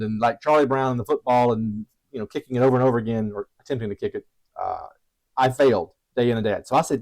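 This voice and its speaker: A man's voice: medium pitch, quick pace, a little mellow, poor audio. A man teaching about trading strategies in a casual, chatty way, self-deprecating with frequent restarts and asides. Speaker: trading educator.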